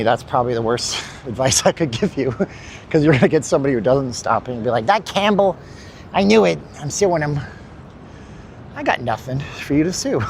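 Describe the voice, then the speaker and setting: A man hosting a casual walking livestream, tired and winded, rambling and joking as he talks to his chat. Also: mid-range voice. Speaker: livestream host. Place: city street outdoors. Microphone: handheld phone. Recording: phone mic on a noisy street.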